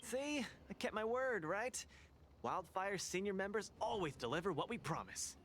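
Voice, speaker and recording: A man's voice: high-pitched, expressive, normal speed, faint music behind. An actor voicing a brash, upbeat young male champion in a game who talks theatrically and loves slogans. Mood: cheerful. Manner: theatrical, shouts out attack names and slogans. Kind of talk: game character voice.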